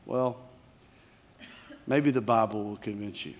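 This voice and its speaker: A man's voice: fairly even intonation, a little slow. Emphatic conversational male preacher. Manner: emphatic, conversational, drops to quiet lows. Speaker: pastor. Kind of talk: sermon.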